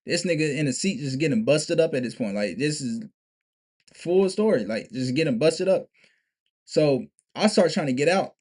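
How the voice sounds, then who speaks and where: A man's voice: on the high side, lively intonation, normal speed, a little mellow. A young man telling a story to camera in a casual, profane, emphatic way, restarting and repeating himself often. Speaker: vlogger.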